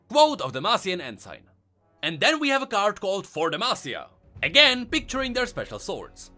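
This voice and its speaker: A man's voice: high voice, huge pitch swings, moderate pace, bright, forceful tone, faint music behind. A man with a Czech accent giving scripted lore narration, reading card quotes with dramatic drops in his voice.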